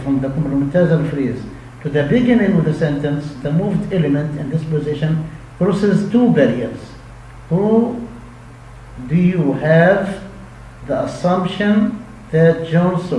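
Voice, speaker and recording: A man giving a linguistics lecture, explaining slowly with many repetitions and frequent checks for understanding. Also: a little high, mellow. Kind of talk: recorded lecture. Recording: echoey room with faint hum.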